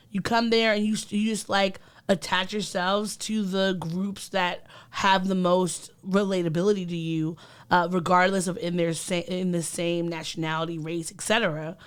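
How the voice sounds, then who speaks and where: A woman's voice: on the low side, steady tone, normal speed, clean tone. A woman co-hosting a podcast, talking in an earnest, reflective way with many ums and likes. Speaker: podcast co-host. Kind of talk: casual podcast chat.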